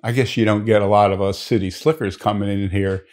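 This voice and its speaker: A man's voice: on the low side, steady tone, fairly quick, a little mellow, close to an everyday voice. A man voicing a confident young male city businessman, close to his own voice. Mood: breezy.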